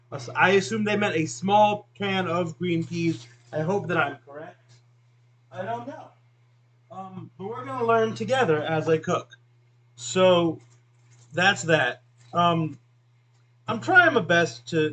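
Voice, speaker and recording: He has a high-pitched, somewhat bright voice with a breathy edge, captured on poor audio. The video host cooks at home and rambles to an off-camera friend, filler-heavy and self-deprecating, onions making his eyes water.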